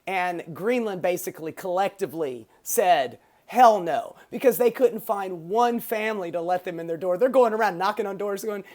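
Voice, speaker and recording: A woman's voice: medium pitch, moderate pace, few pauses, a little mellow. A woman hosting a podcast of profane, sarcastic political commentary. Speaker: podcast host.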